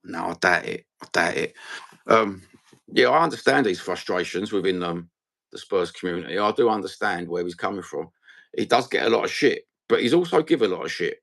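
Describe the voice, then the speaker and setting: Cockney man, livestream host, low gravelly voice, blunt rambling chat. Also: animated, a little fast, a bit bright. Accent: London Cockney. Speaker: fan channel host.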